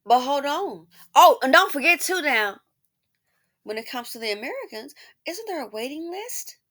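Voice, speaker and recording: A woman hosting a commentary channel, talking casually with sarcastic asides that swing between loud exclamations and muttered remarks. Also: high-pitched, sing-song, moderate pace.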